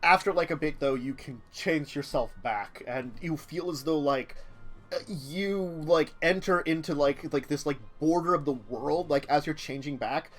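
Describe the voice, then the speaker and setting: A man's voice: a little high, moderate pace, soft background music. A man running a tabletop game as game master, narrating loosely and filling his talk with "like". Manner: rambling, many "like" fillers.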